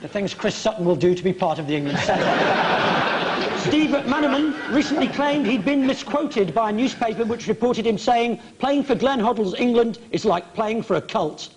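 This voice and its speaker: A man hosting a comedy sports quiz, reading jokes in a wry, deadpan way. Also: very high voice, moderate pace, highs cut off, background noise. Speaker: quiz show host. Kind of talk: dry comic quiz hosting. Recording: TV studio with loud audience laughter. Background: studio audience laughing.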